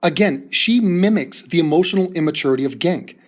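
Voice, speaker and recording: A man's voice: fairly high pitch, animated, a little fast. A man commenting over video clips with crude insults, mocking and laughing as he talks.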